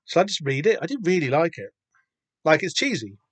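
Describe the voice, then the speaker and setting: A man's voice: on the high side, big pitch swings, brisk, fairly bright tone, slightly rough, no echo. A man hosting a podcast, chatting casually and rambling about a comic with lots of fillers and restarts. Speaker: podcast host. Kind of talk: casual comic read-through chat.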